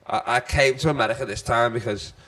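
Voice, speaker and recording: A man's voice: mid-range voice, quick pace, bright, forceful tone, no room sound. A man from the UK, a comedian guest, chatting loosely and swearing freely as he tells rambling stories. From United Kingdom. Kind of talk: casual podcast chat.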